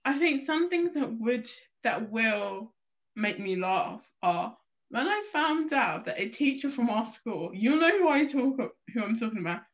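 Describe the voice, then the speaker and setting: A woman's voice: fairly high pitch, very animated, unhurried, dull audio. A young woman from South East London, chatting frankly and casually and laughing easily. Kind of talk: casual chat.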